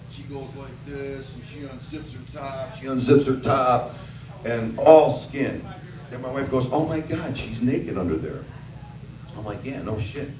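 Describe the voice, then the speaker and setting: A man with a Detroit-area American accent doing a crude, swearing stand-up set in a bar, telling stories and acting out his wife's lines. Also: medium pitch. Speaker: stand-up comedian. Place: bar with a live audience. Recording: echoey bar recording from far off with crowd.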